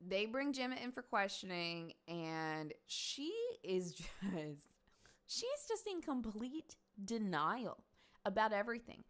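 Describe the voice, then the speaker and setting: Woman, streamer host, casual true crime storytelling, animated and blunt with the odd curse. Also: mid-range voice, slow pace. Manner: chatty, animated, swears for emphasis.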